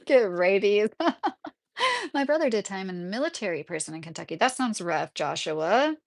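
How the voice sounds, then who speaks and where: A woman's voice: medium pitch, very animated, normal speed. Chatty woman reading a live chat. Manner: chatty, rambling, with frequent fillers. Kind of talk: casual chat. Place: rural home.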